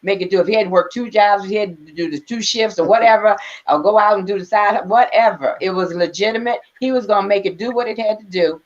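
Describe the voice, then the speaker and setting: A woman's voice: medium pitch, quick pace, few pauses. Earnest woman guest, dull lo-fi sound. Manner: earnest and emotional, laughs between phrases. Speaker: guest author. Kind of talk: conversational interview.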